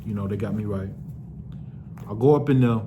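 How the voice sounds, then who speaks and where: Young guy doing a storytime vlog, talks to the camera, slangy and swears a lot, faint noise in the background. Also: brisk. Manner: loose slangy storytelling, swears freely, talks straight to viewers; voice jumps up when excited, drops low when reflective. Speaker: vlogger. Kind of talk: casual storytime monologue.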